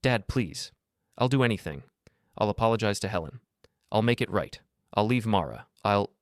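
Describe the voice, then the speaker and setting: A man's voice: on the low side, lively intonation, normal speed, no echo, studio quality, lightly acted. A man voicing a desperate grown son who pleads and breaks into sobs. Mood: pleading.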